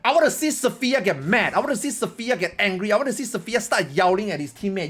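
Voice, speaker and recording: A man's voice: sits high, expressive, fast talker, hardly any pauses, breathy edge, soft background music. A male gaming streamer giving a casual opinion rant, rambling, repetitive and emphatic.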